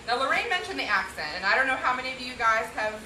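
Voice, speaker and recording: A woman's voice: high voice, very fast. A woman in her thirties giving a roast speech for her husband at a party, telling stories and laughing often. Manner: laughing often, animated storytelling. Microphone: distant camera. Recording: roomy, distant, noisy party recording.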